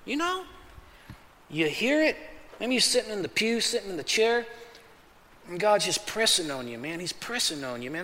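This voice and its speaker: High-voiced man preaching in a reverberant hall. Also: sing-song, moderate pace, pauses often, sharp tone, slight background noise. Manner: casual preaching, calls listeners "man", acts out voices. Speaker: pastor. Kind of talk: sermon. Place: large church hall.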